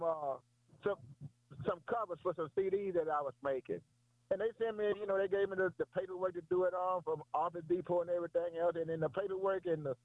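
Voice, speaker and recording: Preacher on a tinny line. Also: male voice, fairly high pitch, dry recording. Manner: folksy, repetitive, calls out to a listener by name. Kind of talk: sermon. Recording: tinny phone-like sound.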